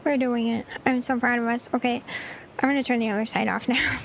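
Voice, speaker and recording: A woman with a voice on the high side, gravelly and steady in tone, talks briskly while livestreaming herself cooking. She's flustered and giggly as she chats with her viewers, and the audio carries a little hiss or hum.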